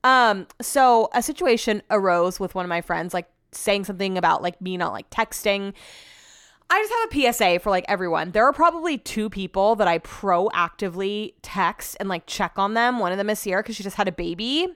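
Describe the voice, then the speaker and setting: A woman's voice: mid-range voice, animated, a little fast, fairly bright tone, clear, resonant tone, no echo, studio quality. A woman hosting a podcast in casual chat, rambling and venting with lots of "like" and the odd swear word. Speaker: podcast host.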